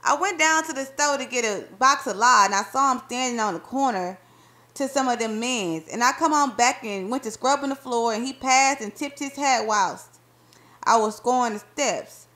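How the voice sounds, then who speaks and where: A woman voicing a spirited, affectionate young wife, talking in lively, sassy folksy banter. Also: a little high, moderate pace, voice pushed up, natural voice.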